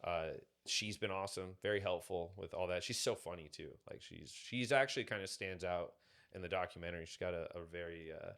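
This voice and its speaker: A man's voice: sits low, a little fast, vocal fry, fairly bright tone. A man talking casually on a podcast, rambling through stories with lots of fillers. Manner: rambling, filler-heavy storytelling. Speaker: podcast guest.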